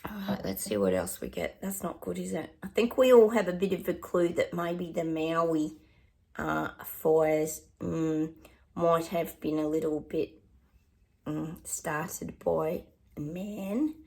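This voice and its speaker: Australian woman, middle-aged, rambling psychic chat, gravelly voice, lowish pitch. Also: expressive, takes it slowly, a little mellow. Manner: chatty, rambling, many ums and asides. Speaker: psychic medium. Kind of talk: casual livestream predictions.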